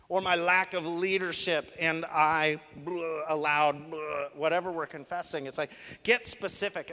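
Male pastor, emphatic sermon delivery, bright tone, long hall reverb. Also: a little high. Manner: animated, emphatic teaching with rhetorical questions.

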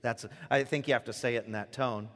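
A pastor giving a sermon with lively, animated delivery that swings between hushed reflection and loud emphasis. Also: male voice, mid-range voice, fairly quick. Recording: long reverb of a large hall.

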